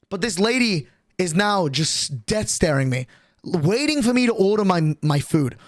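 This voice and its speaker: Brief: young male streamer, higher voice, swears a lot, rambles, dry close mic. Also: a little fast, no room sound. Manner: profane, rambling, animated. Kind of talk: casual storytelling on a livestream.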